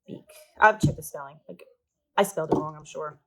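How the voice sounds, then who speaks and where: Woman, art teacher, gravelly, lowish voice, chatty craft demo. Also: fairly quick, rough recording. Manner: chatty and self-deprecating, talking while working. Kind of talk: step-by-step craft demonstration.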